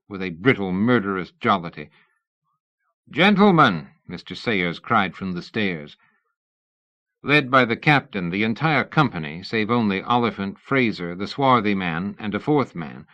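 A man narrating an audiobook in a measured, dramatic storytelling manner. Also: on the low side, bright, forceful tone, dry recording. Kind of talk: scripted narration. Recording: dull lo-fi dry studio audio.

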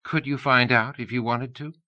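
A man's voice: medium pitch, fairly even intonation, normal speed, sharp tone, dull audio, voice pushed up, lightly acted. A man voicing a restless young woman with a blunt, dry, teasing manner. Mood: curt.

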